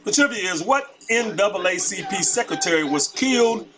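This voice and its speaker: A man's voice: high voice, animated, normal speed, poor audio. A man hosting a casual live call-in show, chatty and repetitive as he reads out the phone number. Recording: music playing behind.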